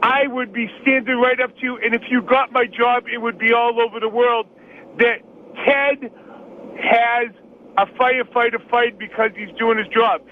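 A man's voice: extremely high pitch, steady tone, normal speed. Combative Boston-accented male caller. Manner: insistent, combative. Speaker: caller, firefighter. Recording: tinny phone line, faint hiss.

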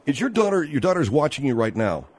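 A man's voice: fairly high pitch, very animated, fast talker, slightly rough, no room sound. A man hosting a talk radio show, questioning a guest and interrupting with pointed questions.

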